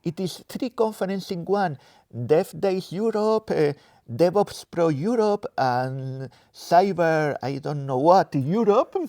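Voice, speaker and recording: A Spanish man with a mixed Spanish and French accent, a guest giving relaxed, self-deprecating answers and sometimes searching for words. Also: on the high side, slow, dry recording, studio quality. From Spain. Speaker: interview guest, developer advocate. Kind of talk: casual interview answers. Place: conference venue in a cinema.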